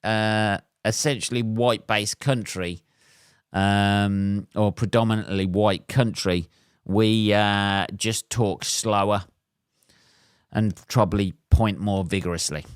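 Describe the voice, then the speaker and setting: A man's voice: on the low side, fairly even intonation, takes it slowly, smooth, no echo, studio quality. An English man hosting his own podcast, rambling through a solo monologue with wry, self-mocking asides and lots of ums. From England. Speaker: podcast host.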